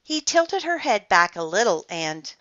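A woman reads a children's chapter book aloud with playful, expressive delivery and a lively, bright voice. She takes her time with each line. The recording is dry and a little muffled. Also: mid-range voice, a little slow. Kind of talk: storybook read-aloud.

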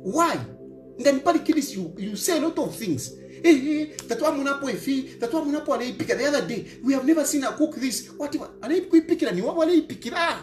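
A man's voice: very high-pitched, lively intonation, fast. A middle-aged man from Zambia with a Zambian accent, lecturing an opponent in a scolding monologue and repeating his points. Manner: lecturing, repeats phrases, mixes local words into English. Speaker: opposition politician. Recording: roomy echo with faint music.

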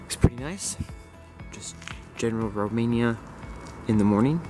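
A man talking casually to the camera outdoors while out for a run, easygoing and relaxed. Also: mid-range voice, moderate pace, faint music behind. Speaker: vlogger. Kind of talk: casual vlog talk. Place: outdoors on a street. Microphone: handheld camera mic. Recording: loud traffic and outdoor noise.

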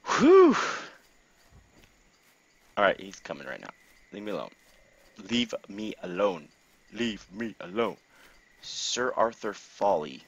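A man commentating his own gameplay casually, excitable, laughing and swearing often. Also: low voice, unhurried, pauses often, highs cut off.

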